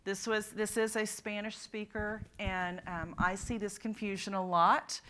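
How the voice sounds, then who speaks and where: A woman's voice: mid-range voice, level tone, measured pace, fairly bright tone. A woman presenting at a literacy conference, demonstrating speech sounds and asking the audience to join in. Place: conference room.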